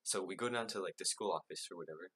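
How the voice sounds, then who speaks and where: Young male vlogger, deep and slightly raspy, with a forceful edge. Loose, filler-heavy, self-deprecating storytelling. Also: fast. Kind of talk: casual storytelling.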